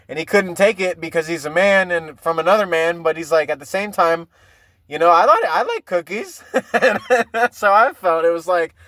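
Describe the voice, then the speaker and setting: High-voiced man rambling profanely. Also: a bit bright, no room sound. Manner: profane, rambling storytelling with frequent laughs. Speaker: podcast host. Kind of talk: casual solo podcast monologue.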